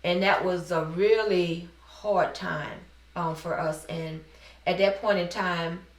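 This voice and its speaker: A woman's voice: on the low side, steady tone, slow. A middle-aged woman from New Orleans, telling her personal story in an earnest, heartfelt interview. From New Orleans, USA. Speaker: business owner interviewee. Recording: roomy sound, mic at a distance.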